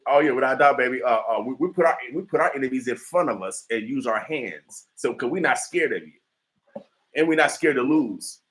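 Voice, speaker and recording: A man's voice: medium pitch, lively intonation, a little fast, fairly bright tone, poor audio. A man hosting a community radio morning show, talking in a fired-up, emphatic way with many stammers and fillers, with an Omaha accent. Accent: Omaha, Nebraska. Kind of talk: fired-up talk radio commentary.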